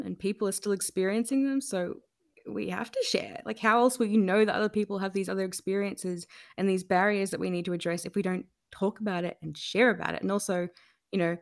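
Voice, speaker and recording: A woman guest in an interview, speaking candidly and emotionally with many fillers and restarts. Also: mid-range voice.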